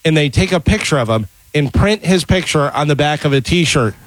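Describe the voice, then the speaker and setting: A man co-hosting a radio talk show, telling stories in a lively way and acting out what people said. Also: a little high, brisk, dry recording. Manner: animated storyteller, acts out quotes. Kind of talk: casual radio chat.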